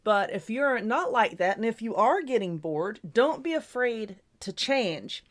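A woman's voice: a little high, animated, measured pace. A woman hosting her own show, giving casual, reassuring advice in a chatty, repetitive way while stifling hiccups. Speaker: YouTuber and podcast host.

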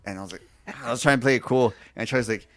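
Podcast co-host, man, mid-pitch, rambling and filler-heavy. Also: very fast, no echo. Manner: rambling anecdotes with many fillers, self-mocking. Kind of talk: casual chat.

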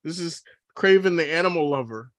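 A man co-hosting a podcast in casual chat, excitable and joking. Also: a little high, fairly quick, no room sound. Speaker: podcast co-host.

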